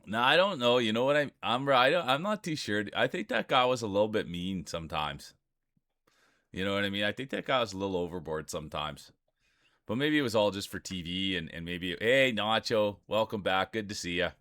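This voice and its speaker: A man's voice: lowish voice, animated, a little fast, sharp tone, no echo, clean studio sound. A man streaming live, chatting casually and rambling while greeting viewers by name.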